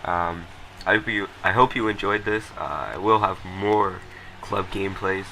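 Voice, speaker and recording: A man's voice: sits low, unhurried, gravelly, sharp tone, slight background noise, poor audio. A young man casually commenting over a recorded hockey match, rambling with lots of ums and blunt, profane remarks. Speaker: gameplay commentator.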